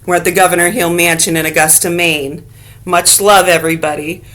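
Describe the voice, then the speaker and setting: A woman's voice: lowish voice, fairly even intonation, a little fast, fairly bright tone. Blunt, profane woman ranting to camera. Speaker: vlogger. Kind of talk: angry profane rant to camera.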